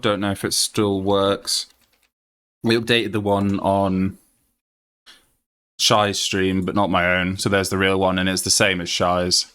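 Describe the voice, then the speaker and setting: A man's voice: sits low, a bit bright. A man with a Yorkshire accent, chatting casually on a game stream and reading notes aloud with many fillers. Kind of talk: casual live-stream chat.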